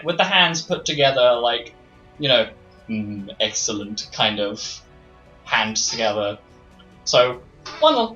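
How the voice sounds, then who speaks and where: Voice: medium pitch, bright, forceful tone. A game master casually narrating a tabletop game, rambling and restarting often. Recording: dull lo-fi mic.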